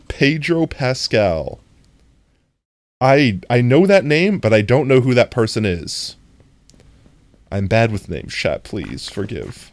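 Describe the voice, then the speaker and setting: A man's voice: medium pitch, big pitch swings, slow pace, long pauses. A man streaming a game, chatting casually and playfully with his viewers and laughing often. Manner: playful, giggly, talks to chat.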